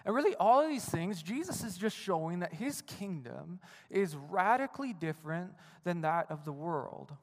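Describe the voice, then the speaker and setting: A man's voice: sits high, expressive, normal speed, hardly any pauses. Man preaching in an echoing hall. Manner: earnest, repeats words as he speaks, frequent "right?". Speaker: pastor. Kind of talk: sermon. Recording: reverberant hall.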